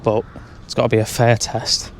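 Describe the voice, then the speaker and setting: A man's voice: medium pitch, monotone, normal speed, slight background noise. A man vlogging casually on a handheld camera, reviewing pubs with dry jokes. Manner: dry, joking pub reviews. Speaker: travel vlogger. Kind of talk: casual vlog chat. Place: pubs and streets, in and out of doors.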